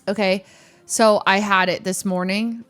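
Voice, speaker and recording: A young woman streamer recounts a story in relaxed chat. She is animated, quoting people as she goes and jumping up into squeaky highs. Her pitch sits at an ordinary middle for a woman. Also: a little slow. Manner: animated, acts out quotes with sudden squeaky highs.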